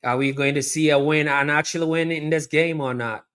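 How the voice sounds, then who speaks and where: A man whose clear, resonant voice sits on the high side hosts a live watch-along at normal speed. He chats through the match, talks straight to his viewers, repeats himself, and lets out loud, excited shouts at near misses.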